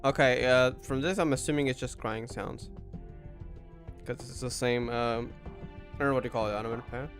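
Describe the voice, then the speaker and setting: A man reacting to a game and reading its translated text aloud in a casual way. He chuckles, thinks out loud and stops to puzzle over the translations. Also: mid-range voice, steady tone, normal speed, soft background music.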